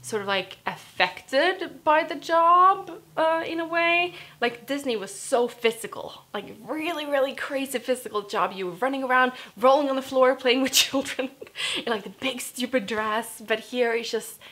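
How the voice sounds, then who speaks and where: A woman's voice: sits high, moderate pace, pushed and bright. A young Norwegian woman talks through a casual vlog with a Norwegian accent. She is chatty and giggly, and she leans on fillers as she answers viewer questions. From Norway. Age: 20s. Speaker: YouTuber.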